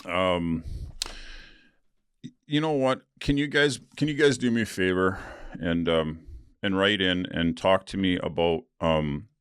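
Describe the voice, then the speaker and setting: A man's voice: deep voice, a little slow, pauses often, fairly bright tone, clean tone, no echo, studio quality. A man hosting a solo podcast, talking candidly in a rambling, casual way and laughing as he tells stories. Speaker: podcast host.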